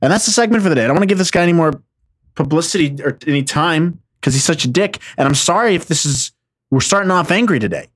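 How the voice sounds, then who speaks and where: A man's voice: on the high side, fast, no room sound. A man hosting a show, giving tired, mocking commentary with a sarcastic edge. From United States. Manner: mocking, fed up. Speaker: host.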